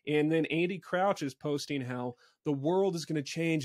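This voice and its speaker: A man's voice: fairly high pitch, normal speed, few pauses, darkish tone, no room sound. Pastor guy hosting a podcast, wry storyteller, dry close sound. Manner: wry storyteller, acts out quoted reactions. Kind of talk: casual conversation.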